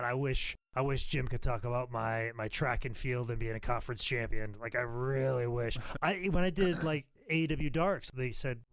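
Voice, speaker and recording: A man co-hosting a wrestling podcast, telling stories in an animated, profane way with sudden loud bursts. His voice sits at an ordinary pitch. The sound is dry and close to the mic. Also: dry recording. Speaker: podcast co-host, pro wrestling worker. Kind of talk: casual podcast chat.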